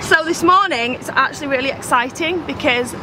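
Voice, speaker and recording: A woman's voice: high voice, fairly quick. A woman telling a chatty, bubbly vlog story about her family trip, recorded outdoors at a truck stop. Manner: bubbly, laughing, retells with quoted voices. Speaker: family vlogger. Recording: vlog clip with outdoor traffic noise.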